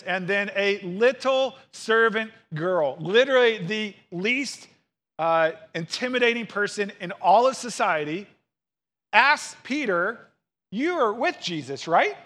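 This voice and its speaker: A man in his thirties preaching a sermon, earnest and expressive, acting out quotes along the way. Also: sits high, measured pace. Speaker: pastor.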